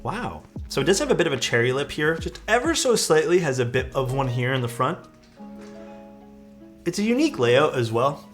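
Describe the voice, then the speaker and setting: A man casually chatting as a live streamer while building a keyboard, rambling and relaxed, often saying "dude". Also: a little high, normal speed, faint music behind. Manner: laid-back, rambling, peppered with "dude" and "like".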